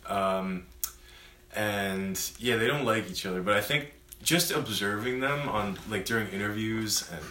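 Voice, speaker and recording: A man's voice: on the low side, unhurried, sharp tone, roomy sound, slight background noise. A man in casual podcast chat, rambling with many fillers as he recalls old times.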